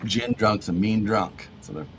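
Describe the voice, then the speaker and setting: A man co-hosting a casual livestream, relaxed, laughing often as he reads viewer comments aloud. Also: lowish voice, normal speed, slight background noise. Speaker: livestream co-host.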